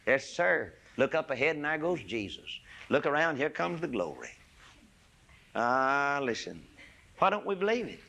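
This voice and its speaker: Impassioned older preacher man. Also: medium pitch. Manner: impassioned, swings from loud peaks to hushed asides. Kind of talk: sermon.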